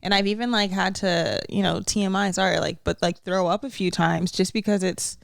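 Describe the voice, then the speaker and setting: A woman's voice: mid-range voice, steady tone, brisk, vocal fry, dry recording, clean studio sound. A young woman co-hosting a podcast, telling candid stories in casual chat and laughing often. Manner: candid, chatty storytelling with frequent laughs. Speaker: podcast co-host.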